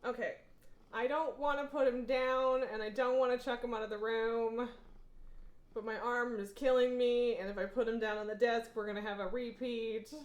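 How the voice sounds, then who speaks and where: Woman streamer, casual chat, fairly high voice, laughs often, coos to her cat, home room. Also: fairly even intonation, moderate pace. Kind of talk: casual live-stream chat while gaming. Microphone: headphones on, desk setup.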